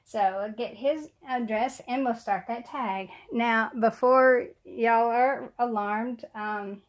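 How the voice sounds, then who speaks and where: A woman's voice: fairly high pitch, fairly even intonation, slow pace. A middle-aged woman, slightly short of breath, her voice a touch weak. She chats casually and rambles to the camera at home, with plenty of fillers and small laughs. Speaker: doll collector vlogger. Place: room at home.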